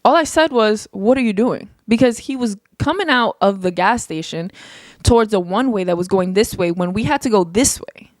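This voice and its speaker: A young woman hosting her own podcast, talking casually and passionately, her voice climbing high when she gets heated. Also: animated, normal speed, no echo, clean studio sound. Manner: passionate, emphatic, rises into heated rants. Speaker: podcast host. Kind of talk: casual solo podcast monologue.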